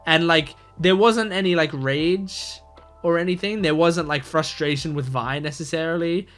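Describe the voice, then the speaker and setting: A man's voice: fairly high pitch, moderate pace, a bit bright, soft background music. Rambling man reacting to a show. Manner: rambling, filler-heavy, thinking aloud. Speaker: reaction video host. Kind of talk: casual reaction commentary.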